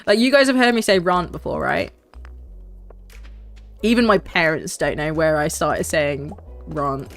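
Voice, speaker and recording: A woman's voice: deep voice, measured pace, pauses often, faint music behind. A young woman, streaming a game and chatting casually in a rambling way, full of fillers. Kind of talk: casual gaming stream chat.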